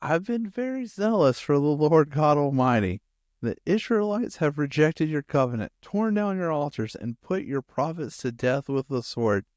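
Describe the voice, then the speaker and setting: A man's voice: a little high, very animated, moderate pace, a little mellow, no room sound, clean studio sound, pitched above the performer's own voice. Man doing a whiny, exasperated prophet. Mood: exasperated complaining. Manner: aggrieved, breathless complaining. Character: exasperated prophet man, complaining and self-pitying.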